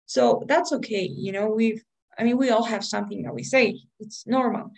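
High-voiced woman teaching a class. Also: moderate pace, gravelly, low-quality recording. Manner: explanatory, asks "right?" often. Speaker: English test prep teacher. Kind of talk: online class lecture.

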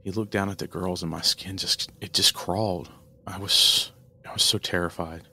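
A man narrating a first-person horror story in a steady, earnest storytelling manner. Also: deep voice, moderate pace.

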